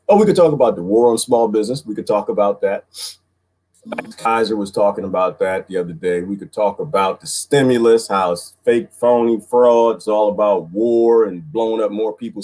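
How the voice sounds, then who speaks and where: A man hosting a casual livestream chat, animated, often jumping into high-pitched bits and laughing as he talks to viewers. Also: slightly rough. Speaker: livestream host.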